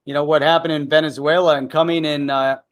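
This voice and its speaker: A man with a slightly raised pitch hosts a live show, talking in a loose, chatty way and leaning on "man" and "you know". His voice sounds dry and close, with almost no room around it. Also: level tone, fast talker, no echo. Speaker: livestream show host. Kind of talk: casual chat.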